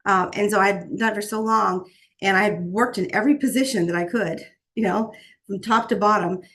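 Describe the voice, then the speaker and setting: Woman, gravelly, earnest motivational speaker on a video call. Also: mid-range voice, fairly quick. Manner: warm, earnest, faith-filled, many restarts. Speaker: guest speaker. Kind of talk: motivational talk on a group call.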